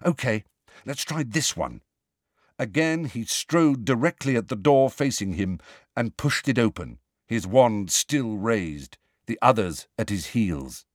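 A man narrating an audiobook with an expressive, steady reading. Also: fairly low pitch, a little slow, no echo, studio quality.

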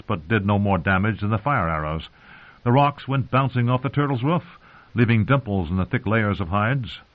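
A man reading a fantasy audiobook in a measured, grave storytelling manner. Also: lowish voice. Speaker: audiobook narrator. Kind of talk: scripted fantasy narration. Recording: tinny phone-like audio.

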